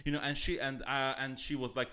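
Male comedian from Azerbaijan, casual podcast talk, lively and laughing storyteller. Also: medium pitch, fairly quick, clear, resonant tone. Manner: laughs often, animated storytelling. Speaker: comedian guest.

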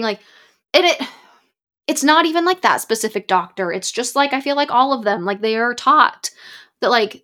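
A woman in her twenties chats casually as a podcast host, her voice sitting a little higher than most. She talks frankly and with emphasis, scatters "like" through her sentences, and drops a curse when something riles her. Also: pushed and bright. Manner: many "like" fillers. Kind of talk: casual chat.

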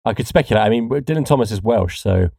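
A man's voice: mid-range voice, lively intonation, fast talker, creaky, mellow, breathy edge, no echo, studio quality. A man co-hosting a casual podcast, explaining poetry with laughing asides. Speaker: podcast co-host.

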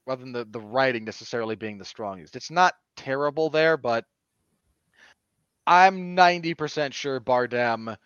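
Animated, opinionated man reviewing films. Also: mid-range voice, clean tone, no echo. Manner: animated and opinionated, with sudden emphatic jumps. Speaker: podcast co-host. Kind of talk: casual film review chat. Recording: dull, dry lo-fi podcast audio.

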